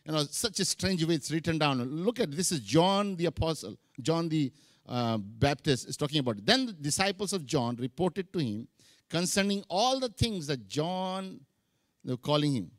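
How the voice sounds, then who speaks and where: A man's voice: fairly high pitch, very animated, normal speed, no echo, studio quality. A middle-aged man preaching a sermon, mixing English with Hindi phrases. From India. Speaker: pastor.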